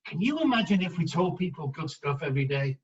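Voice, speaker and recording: A man's voice: on the high side, quick pace. Slightly distant, emphatic male podcast guest. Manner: emphatic, animated anecdotes. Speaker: guest addiction specialist. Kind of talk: podcast interview storytelling. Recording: slightly dull, distant mic.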